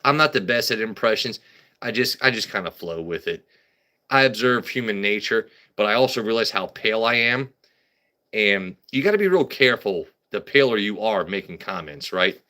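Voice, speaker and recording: A man's voice: lowish voice, expressive, moderate pace, bright, forceful tone. A man hosting a casual comedy livestream, rambling and riffing with stammered restarts. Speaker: livestream host.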